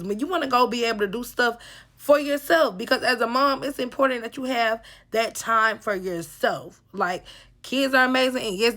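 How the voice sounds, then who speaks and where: A woman speaks in a casual, opinionated, lecturing way. Her voice sits a little high. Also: a bit bright. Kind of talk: casual reaction commentary.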